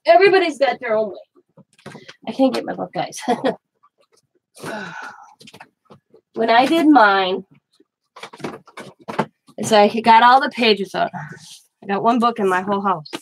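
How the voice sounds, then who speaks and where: A woman's voice: on the high side, animated, slow, long pauses, slight background noise. Chatty woman hosting a crafting livestream. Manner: chatty, answers viewers by name, restarts sentences. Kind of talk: casual live-stream chat. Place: at home.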